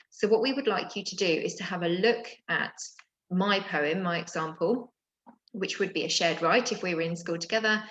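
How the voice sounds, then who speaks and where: A woman's voice: on the low side, fairly bright tone, echoey room, poor audio. Patient teacher explaining to children, woman. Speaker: primary school teacher. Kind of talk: recorded remote lesson. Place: home.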